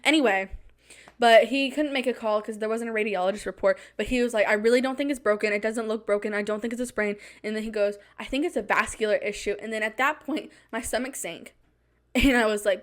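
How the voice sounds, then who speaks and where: A young woman hosting her own podcast, chatting fast from her home studio and acting out stories with dramatic flair. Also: on the high side. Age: young adult. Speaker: podcast host. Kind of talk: casual solo chat.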